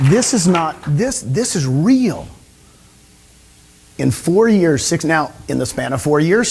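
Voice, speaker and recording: A man giving an energetic motivational seminar talk to a live audience, often asking them questions. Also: fairly high pitch, slightly rough. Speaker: speaker at a real estate training session.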